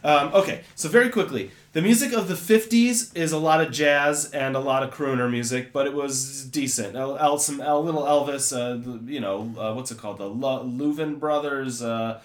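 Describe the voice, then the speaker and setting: A man's voice: mid-range voice, moderate pace, hardly any pauses, roomy sound. A man co-hosting a casual podcast chat, opinionated and rambling, often trailing off while searching for names. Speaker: podcast co-host.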